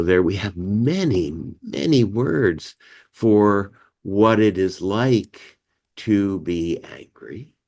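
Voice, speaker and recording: A man hosting a community meeting, teaching about feelings in a conversational way and acting out emotion words. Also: low voice. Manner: animated, acts out emotion words with gasps and sighs; conversational, many "you know" and "right". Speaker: meeting host and life skills teacher.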